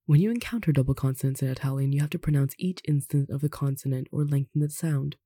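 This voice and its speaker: A language tutor reading a pronunciation lesson aloud in an unhurried way, slowly spelling out examples and adding light asides. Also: medium pitch, dark tone, slightly rough, no echo, clean studio sound. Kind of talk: reading an instructional text aloud.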